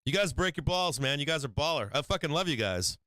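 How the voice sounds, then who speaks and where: A man's voice: fairly high pitch, animated, fast, bright, forceful tone, no room sound. A man hosting a stock trading livestream in casual chat, rambling and swearing freely, often breaking into laughter.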